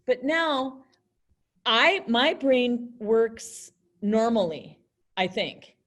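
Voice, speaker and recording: A woman's voice: fairly high pitch, animated, extremely slow, a bit bright, soft background music. A young woman teaching an online class in a chatty way, acting out example phrases in different tones. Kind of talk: virtual classroom lesson.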